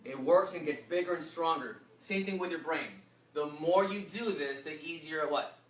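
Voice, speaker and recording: A man giving an energetic workshop talk, often quizzing the audience with fill-in questions. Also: on the high side, normal speed. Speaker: workshop speaker. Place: echoey workshop room. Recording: roomy echo, mic from far off, faint noise.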